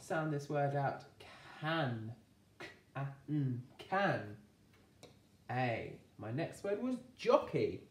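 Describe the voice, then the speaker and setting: An English woman teaches phonics to young children, low in pitch but lively in melody as she stretches out each sound. She speaks slowly and encouragingly. Her voice carries a roomy echo, picked up from a little way off the mic. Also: far from the mic. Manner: slow, sounding out phonemes one by one; encouraging, clear classroom delivery. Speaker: primary school teacher. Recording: echoey room, voice from off-mic.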